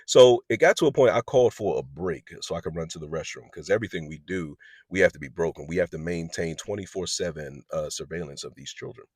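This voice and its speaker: A man's voice: low voice, animated, fast, darkish tone, breathy edge, no echo, clean studio sound. A man, telling a true story to camera in a blunt, profane way. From Southeast Washington DC. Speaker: juvenile detention worker. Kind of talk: storytime monologue.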